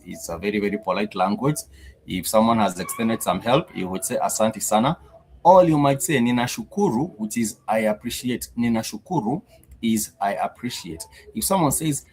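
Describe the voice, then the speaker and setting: Guy teaching a swahili class on a stream, lowish voice, says everything twice, spells stuff out, bit of room hum. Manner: patient, repeats each phrase and spells words out. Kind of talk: live-streamed language lesson.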